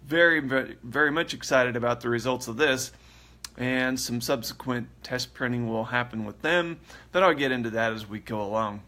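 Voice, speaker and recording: A man's voice: mid-range voice, moderate pace, pushed and bright. A man hosting a casual livestream, chatting in a rambling way and laughing often. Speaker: livestream host.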